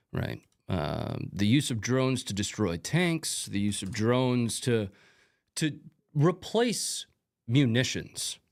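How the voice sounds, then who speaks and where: A middle-aged man hosts a live stream, walking viewers through footage in a relaxed, conversational way. His voice sits a little low, and he drifts easily into casual asides before getting back on track. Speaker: host. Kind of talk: live-stream commentary over combat footage.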